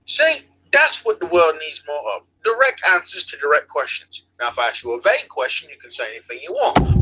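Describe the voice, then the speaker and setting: A man's voice: fairly high pitch, very animated, brisk, hardly any pauses, bright, forceful tone, poor audio. A man playing his character at a tabletop game, answering in cheeky, bantering lines. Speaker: player. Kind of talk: in-character tabletop role-play. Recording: mic with clear background hiss.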